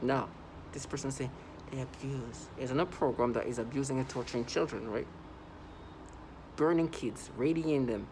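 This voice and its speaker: A man's voice: medium pitch, fairly quick, pauses often, background noise. A man recording a first-person video monologue, talking urgently and repeating himself, with lots of "like" between his points. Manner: urgent, repetitive, heavy use of "like". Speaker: vlogger.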